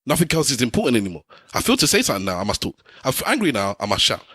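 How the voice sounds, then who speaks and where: A man's voice: mid-range voice, huge pitch swings, racing, bright, forceful tone, husky, dry recording, studio quality. A middle-aged man, arguing insistently on a podcast and hammering home his points. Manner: insistent, lecturing, repeats points. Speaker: podcast co-host. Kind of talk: heated personal argument.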